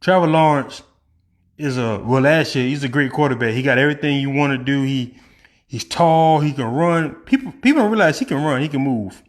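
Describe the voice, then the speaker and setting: Speaking at a medium pitch, a man rants about sports on his vlog with strong opinions and lots of energy, alternating quick flurries of words with stretched-out emphasis.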